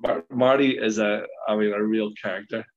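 Middle-aged Northern Irish ex-footballer, loose chatty anecdotes, muffled lo-fi audio. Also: male voice, lowish voice, steady tone, normal speed. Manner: rambling anecdotes with frequent laughs and restarts. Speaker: former footballer guest. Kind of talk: casual storytelling chat. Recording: dull lo-fi sound.

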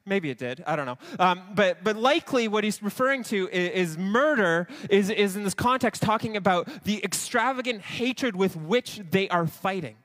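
High-voiced man preaching a sermon. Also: lively intonation, normal speed, few pauses, fairly bright tone. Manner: earnest preaching with quoted asides and restarts. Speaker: pastor.

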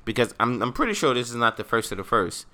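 A man's voice: mid-range voice, sing-song, quick pace, sharp tone. A man co-hosting a podcast, talking casually and emphatically with strong opinions. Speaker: podcast co-host. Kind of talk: casual chat.

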